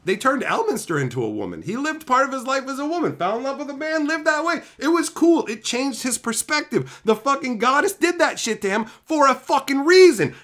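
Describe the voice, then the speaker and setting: A man's voice: very high-pitched, a bit bright. A man hosting his own channel, ranting about stories in a heated, sarcastic, profane way. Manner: heated, sarcastic, swears constantly; mocking voices of imagined critics. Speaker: channel host. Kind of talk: profane opinion rant.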